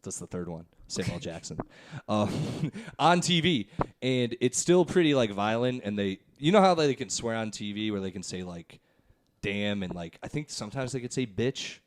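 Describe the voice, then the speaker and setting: A man's voice: lowish voice, lively intonation, normal speed, a little hiss or hum. A young man hosting a podcast, telling a story in a rambling, laughing, profane way. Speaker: podcast host.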